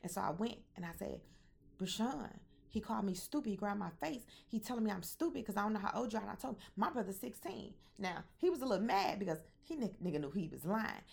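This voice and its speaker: A woman's voice: medium pitch, quick pace, vocal fry, hardly any pauses, husky. A young woman with a mixed Southern and Midwestern American accent, telling a personal story candidly and animatedly to her viewers, often swearing. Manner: candid, animated, profane, addresses viewers directly. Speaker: vlogger.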